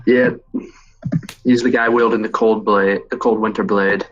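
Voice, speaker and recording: A man narrating as game master, explaining the rules and calling out damage in a steady, measured way. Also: lowish voice, dull audio, over music.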